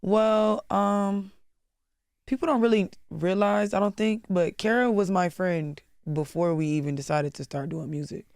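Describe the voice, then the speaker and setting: A woman's voice: medium pitch, a little slow, gravelly, darkish tone, no room sound, studio quality. A woman rapper as interview guest, talking candidly in casual chat, swearing freely and turning dramatic at times. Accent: Southern US.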